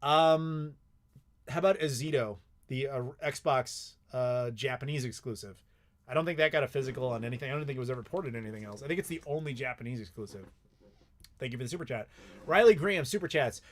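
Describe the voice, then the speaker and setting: A man casually answering viewer questions on a live stream, rambling and swearing freely with lots of filler words. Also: mid-range voice.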